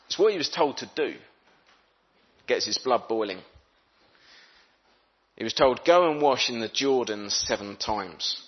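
Male preacher, middle pitch, chatty sermon delivery, slightly lo-fi recording. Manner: conversational, voices characters' thoughts. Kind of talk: sermon with Bible reading.

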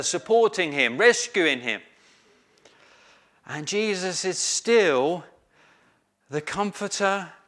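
Male preacher, slow emphatic sermon delivery, bright tone. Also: high-pitched. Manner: slow, emphatic, with hesitant fillers.

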